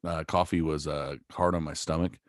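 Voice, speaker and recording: A man with a very low, deep voice, talking casually and rambling from one thing to the next. He swears offhandedly and laughs easily. The sound is dry and close, with no room around it. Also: flat delivery, moderate pace, no echo. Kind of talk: casual chat.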